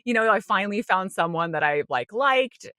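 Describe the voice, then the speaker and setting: A woman with a bright, forward voice shares a personal story on a podcast. She is casual and animated, often slipping into her own inner voice and laughing lightly. The sound is close and dry. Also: mid-range voice, normal speed, no echo. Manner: frequent light laughter and "like" fillers. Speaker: podcast co-host.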